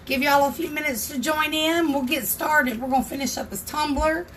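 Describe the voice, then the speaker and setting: A chatty woman hosts a casual craft tutorial livestream from her home craft room. Her voice sits fairly high, and she greets viewers by name as she works. A faint background noise runs under the recording. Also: fairly even intonation, moderate pace, fairly bright tone.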